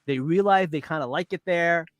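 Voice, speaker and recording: A man hosting a podcast in casual chat, playful and quick with jokes, retelling scenes by acting out the lines. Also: a little high, fairly bright tone, dry recording. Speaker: podcast host.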